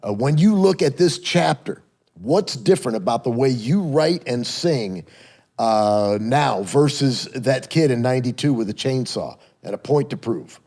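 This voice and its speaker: Gravelly, lively male podcast host. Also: medium pitch, a little slow. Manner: encouraging, enthusiastic interviewer. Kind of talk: casual interview. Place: garage.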